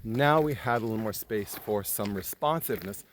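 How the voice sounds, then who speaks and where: Man, storytelling, animated, swears freely, faint hiss behind. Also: on the low side. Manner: animated retelling, swears freely, quick jumps in loudness. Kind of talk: storytelling in casual conversation.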